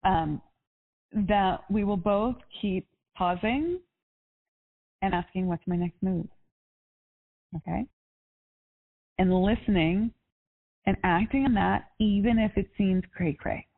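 A woman's voice: mid-range voice, slow, long pauses, husky. A woman life coach on a coaching call, chatty and upbeat, with lots of casual fillers. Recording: tinny phone line.

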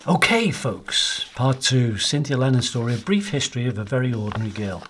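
A man's voice: mid-range voice, lively intonation, a little fast, fairly bright tone, a little hiss or hum. Chatty, rambling man. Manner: rambling, chatty, lots of fillers. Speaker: podcast co-host. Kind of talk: casual podcast storytelling.

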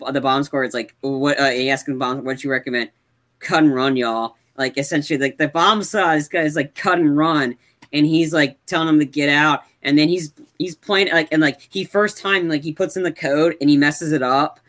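A man's voice: a little high, fairly even intonation, a little fast, few pauses, a bit bright. A man co-hosting a podcast, casually retelling movie scenes in a rambling way full of fillers. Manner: rambling, many fillers like "like" and "yeah". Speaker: podcast co-host. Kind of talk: casual chat recapping a film.

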